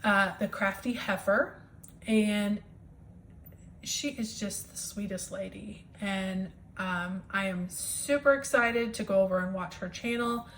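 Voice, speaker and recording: A woman's voice: medium pitch, takes it slowly, a bit bright, slight background noise. A woman chatting enthusiastically at home about her stitching projects, with lots of ums. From US Midwest. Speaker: cross-stitch vlogger. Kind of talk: casual show-and-tell chat.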